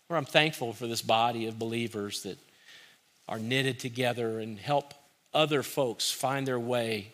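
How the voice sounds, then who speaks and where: A man's voice: medium pitch, fairly bright tone. A man preaching a sermon as pastor, in an earnest, conversational way that repeats key phrases for emphasis.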